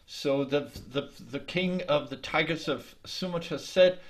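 A man telling a folk tale in a lively, halting way, over a video call. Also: a little high. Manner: lively, halting with restarts, laughs along. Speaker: storyteller. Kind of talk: oral folk storytelling.

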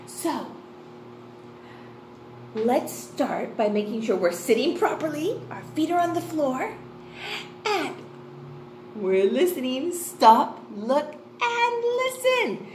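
A woman teaching a kindergarten phonics class, talking slowly and excitedly with delighted gasps. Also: high voice. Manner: slow, sing-song and excited, gasping with delight. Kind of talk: online lesson for young children. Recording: echoey room with faint noise.

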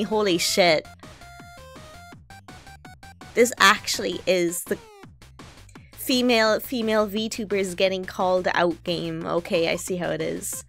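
A woman's voice: fairly low pitch, fairly even intonation, slow, gravelly, pauses often, a bit bright, soft background music. A young adult woman streaming live, casually reacting to a game with frequent swearing.

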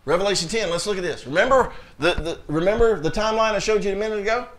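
A pastor preaches a sermon in a high, bright, quick voice, reading scripture aloud in King James wording. He addresses his congregation directly with emphatic conviction.

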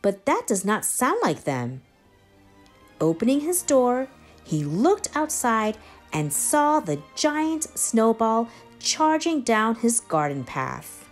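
Slow, lively woman reading a storybook. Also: a little high. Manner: expressive, slow and lively read-aloud. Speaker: storybook reader. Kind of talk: reading a children's picture book aloud.

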